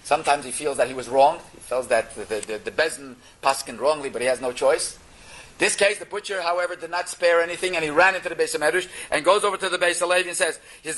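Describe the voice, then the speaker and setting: A man telling a Torah story in an animated way, mixing Yiddish and Hebrew terms into his English. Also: a little high, fast talker, rough recording.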